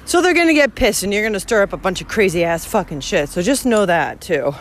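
A woman hiking vlogger rants casually as she walks the trail, talking bluntly, swearing a lot and laughing often. Her mid-range voice is expressive and a little fast.

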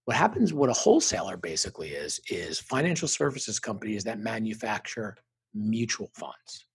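A middle-aged man speaking as an interview guest, earnest and reflective, telling personal stories and lively when quoting others. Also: lowish voice, moderate pace, gravelly, breathy edge. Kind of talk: conversational interview storytelling.

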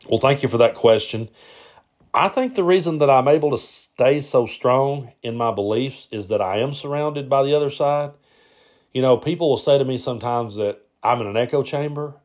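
A man, hosting a podcast and answering listener questions in a casual, rambling way full of "uh"s and restarts. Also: medium pitch. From Appalachian Kentucky-Tennessee border. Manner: rambling, frequent "uh" and repeats. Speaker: podcast host.

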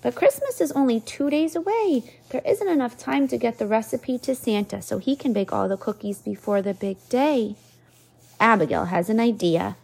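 A woman in her thirties reading a storybook aloud to her children, expressive and stopping to ask them questions. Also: on the high side, normal speed, creaky, breathy edge. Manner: expressive, asks the kids questions.

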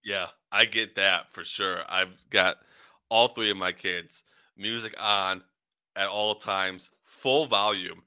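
A man in his forties with a lowish but very sharp, bright voice, grumbling wryly in a casual podcast chat. He restarts his sentences often. The recording is dry and close. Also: fairly even intonation, takes it slowly, clean tone, dry recording. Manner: dry, wry complaining with many restarts. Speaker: podcast co-host.

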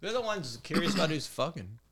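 A man's voice: a little high, big pitch swings, a little fast, a crowd in the background. A man on a podcast dropping in jokey interjections and short one-liners. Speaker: podcast co-host. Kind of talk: casual chat.

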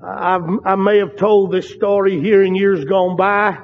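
An older male preacher with a very high voice delivers a slow, fervent sermon, stretching out his emphatic phrases. He sounds like he's in a church sanctuary, with a long reverb trailing his words. The recording itself is dull and lo-fi. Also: steady tone.

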